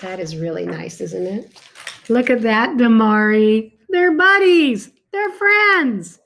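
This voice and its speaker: Slow, high-voiced woman reading aloud. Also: vocal fry. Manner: animated, talks to a child between pages; slow and warm, exclaiming often. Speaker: reader to a child. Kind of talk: picture book read-aloud.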